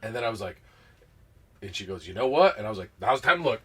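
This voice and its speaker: A man's voice: fairly low pitch, big pitch swings, fast, noisy background. A man co-hosting a podcast, telling a rambling workplace story in casual chat and quoting what people said. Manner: rambling, retells scenes with quoted voices. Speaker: podcast co-host.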